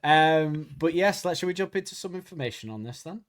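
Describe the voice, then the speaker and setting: Chatty Irish podcast host. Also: male voice, on the high side, lively intonation, brisk, noisy background. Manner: rambling, laughs often. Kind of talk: casual chat.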